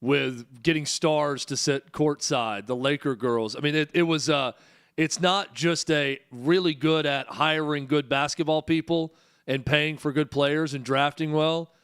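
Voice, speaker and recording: A man hosting a sports talk show, chatting in a measured, conversational way with dry teasing of his co-host. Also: fairly high pitch, steady tone, fairly bright tone, smooth.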